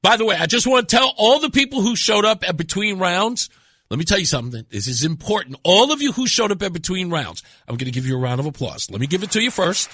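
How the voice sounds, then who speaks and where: Bright, emphatic male talk radio host. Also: high voice, sing-song, fast talker, breathy edge, no room sound. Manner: emphatic, repeats key words for effect. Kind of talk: radio talk show monologue.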